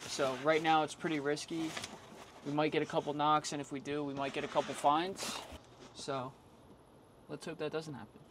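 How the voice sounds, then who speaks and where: A man from the US East Coast vlogging casually outdoors, telling his story emphatically with sudden louder bursts. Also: fairly high pitch, level tone, normal speed, background noise. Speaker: vlogger living in a bus. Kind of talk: casual vlog to camera. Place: outdoors in a city street.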